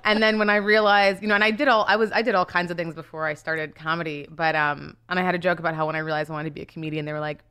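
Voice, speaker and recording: A woman's voice: fairly low pitch, flat delivery, rapid-fire, few pauses, bright, forceful tone, clear, resonant tone. A woman comedian, a podcast guest, telling stories in casual chat, often laughing and acting out what her parents said. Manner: laughing, storytelling with acted-out quotes.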